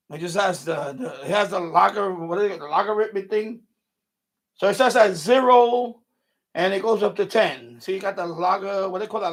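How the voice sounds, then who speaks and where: High-pitched with vocal fry and a fairly bright tone, a man runs an unscripted home live stream from his radio room. He rambles and swears heavily, coming across as irritable while he shows his radios.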